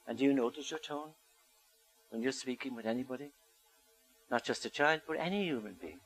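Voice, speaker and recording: A man's voice: medium pitch, animated, a little fast, pauses often, a bit bright, rough recording. An older man giving a storytelling talk to an audience, asking them questions as he goes. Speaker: speaker.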